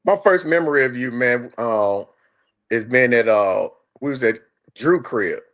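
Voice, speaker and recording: Relaxed man recalling an old story. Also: mid-range voice, unhurried. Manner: relaxed storyteller, quotes people in a raised voice. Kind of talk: casual chat.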